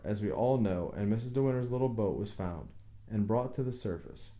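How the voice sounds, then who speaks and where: A man's voice: fairly low pitch, dark tone, natural voice. A man reading an audiobook, voicing a stubborn village boat builder who speaks plainly but insistently and deferentially to authority.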